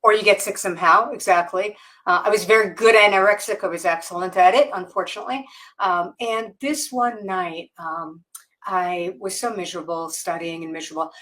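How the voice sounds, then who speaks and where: A woman guest on a podcast interview, telling a personal story candidly and haltingly, with many fillers and restarts. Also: mid-range voice, fairly even intonation, a bit bright. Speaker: guest author.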